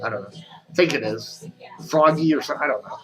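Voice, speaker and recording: A man's voice: mid-range voice, quick pace, over music. Chatty man, slightly slurred speech. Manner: rambling, chatty, reads out numbers. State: talking oddly from a mouth sore. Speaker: host. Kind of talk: casual video commentary.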